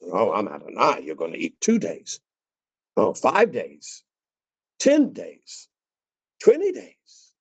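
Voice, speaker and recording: A preacher putting on a stern, mocking God. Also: male voice, lowish voice, wildly swooping pitch, slow pace, gravelly, long pauses, husky, exaggerated voice. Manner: dramatic, sarcastic escalation. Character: God, stern and mocking toward grumbling people. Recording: dull lo-fi dry recording.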